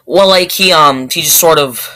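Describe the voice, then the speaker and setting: Bright-voiced man ranting about a movie. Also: on the high side, normal speed, poor audio. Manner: rambling, profane, gets worked up and loud. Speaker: movie reviewer. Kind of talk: casual movie review rant.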